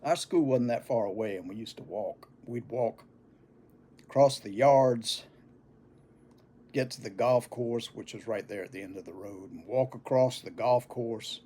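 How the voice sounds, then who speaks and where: Husky older man telling a folksy story. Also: medium pitch, warm tone. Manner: folksy, unhurried, chuckling between lines. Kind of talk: casual oral storytelling.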